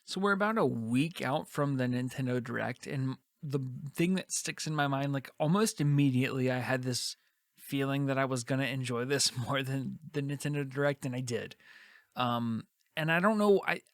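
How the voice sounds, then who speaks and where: Guy cohosting a game podcast, wry opinions, mid pitch, dry sound. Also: moderate pace, dry recording. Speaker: podcast co-host. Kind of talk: casual chat.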